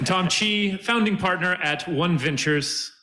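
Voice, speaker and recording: A man hosting a conference session, introducing the panel with halting, filler-heavy delivery. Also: high voice, a loud crowd, heavy background noise. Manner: halting, many fillers, self-deprecating. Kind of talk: event introductions.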